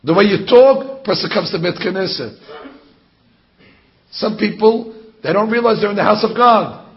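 A man giving a rabbi's sermon to a congregation, talking in an animated way and firing off mocking rhetorical questions. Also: sits high, normal speed. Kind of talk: Torah class sermon. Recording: dull lo-fi sound.

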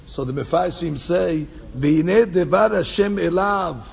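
High gravelly-voiced man teaching a class. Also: measured pace. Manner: animated, repeats phrases for emphasis, mixes in Hebrew quotes. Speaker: Torah teacher. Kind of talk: Torah class lecture. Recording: echoey hall, dull lo-fi sound with faint background hum.

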